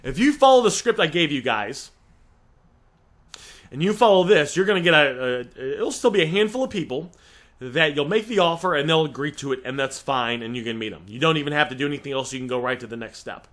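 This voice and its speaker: A man's voice: on the high side, animated, brisk, fairly bright tone. A young man coaching listeners on a sales script, direct and emphatic, repeatedly calling them guys.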